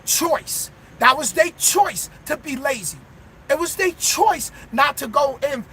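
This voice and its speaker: A male truck driver giving a motivational pep talk in a preachy way, bursting into shouts, recorded in his truck cab. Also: very high voice, animated, takes it slowly, slight background noise.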